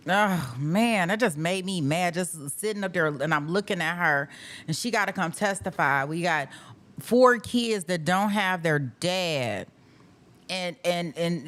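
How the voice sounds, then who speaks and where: A woman's voice: on the low side, a bit bright. Emphatic, exasperated woman host ranting. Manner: emphatic, exasperated, repeats "how dare you", swears. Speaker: host of live trial coverage. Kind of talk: heated casual rant.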